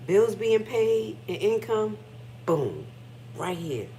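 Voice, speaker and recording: A woman's voice: medium pitch, big pitch swings, slow pace, warm tone, a little hiss or hum. A middle-aged woman, hosting a casual livestream chat from her kitchen and talking candidly with frequent swearing. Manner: candid, profane, emotional storytelling. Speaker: livestream host.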